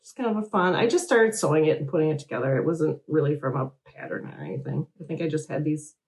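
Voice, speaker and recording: Chatty, rambling woman host, slightly low. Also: quick pace, a little mellow. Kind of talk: casual chat.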